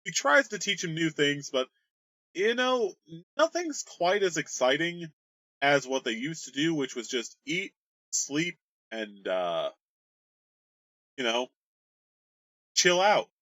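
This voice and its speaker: A man's voice: fairly high pitch, sing-song, slow, long pauses, sharp tone, no echo. A man rambling through his tabletop campaign's history in a casual, joking way, with crude humor. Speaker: game master. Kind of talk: casual worldbuilding explainer.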